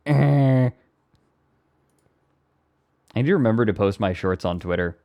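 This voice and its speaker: Slow, low-voiced male streamer. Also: expressive, lo-fi sound. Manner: rambling, self-amused, breaks into laughter. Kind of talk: casual live-stream chat.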